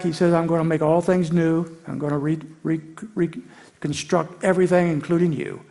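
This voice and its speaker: Gravelly high-voiced male preacher. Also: a little mellow. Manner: earnest, rises to emphatic peaks. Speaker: pastor. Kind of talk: sermon.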